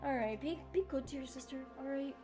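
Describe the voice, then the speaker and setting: A man's voice: very high voice, brisk, dark tone, soft background music. Woman doing a huge doting dad. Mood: fond. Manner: affectionate, cheesy pep talks.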